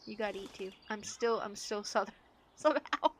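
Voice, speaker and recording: A woman streaming a game, chatting casually and joking to herself, breaking into loud outbursts and laughs. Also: medium pitch, moderate pace, noisy background. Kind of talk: casual gameplay commentary. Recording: clear game sounds of birds behind.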